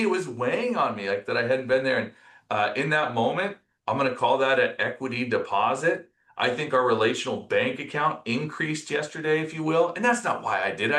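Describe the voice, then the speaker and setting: A man's voice: medium pitch, roomy sound. A man talking reflectively as a podcast guest, telling stories and voicing others' words with animation. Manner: reflective, storytelling, animated when quoting others. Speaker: podcast guest, company executive. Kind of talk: casual conversational interview.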